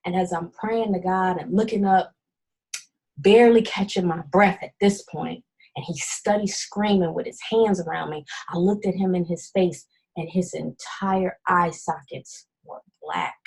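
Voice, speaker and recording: Husky middle-aged woman telling her story to a crowd, lots of dramatic repeating. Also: on the low side, unhurried, poor audio. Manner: dramatic storytelling, emphatic repetition. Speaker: speaker. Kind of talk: personal testimony talk.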